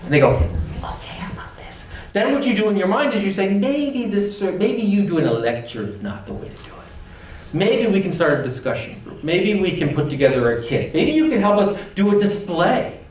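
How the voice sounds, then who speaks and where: High-voiced man speaking in an echoey hall. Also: expressive, normal speed, darkish tone. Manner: emphatic, playful, acts out quoted voices. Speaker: conference keynote speaker. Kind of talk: animated conference talk. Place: large conference hall. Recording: echoey hall, distant mic.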